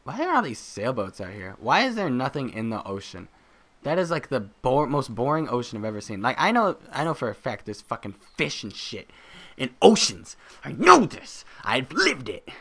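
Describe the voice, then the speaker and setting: A man giving joking let's play commentary on a horror game, loud and rambling, swinging between shouting and muttering. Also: fairly quick. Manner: reads in-game notes aloud in a low flat voice. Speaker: gaming video creator.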